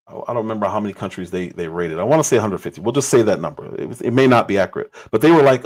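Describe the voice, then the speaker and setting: A man's voice: mid-range voice, poor audio. A man hosting a livestream and giving casual political commentary. He talks emphatically and repeats phrases for stress.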